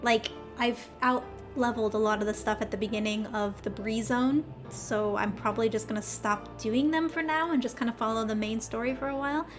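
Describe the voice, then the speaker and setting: Chatty higher-voiced woman streamer. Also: fairly quick, faint music behind. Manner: chatty, scattered, talks to chat. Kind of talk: casual gameplay chat.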